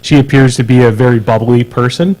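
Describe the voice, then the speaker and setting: A man co-hosting a casual podcast, talking at a middle pitch. He is animated and laughs often, tripping over his words and restarting them as he chats. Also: a little fast, rough recording. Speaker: podcast co-host. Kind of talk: casual chat. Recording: live-streamed podcast.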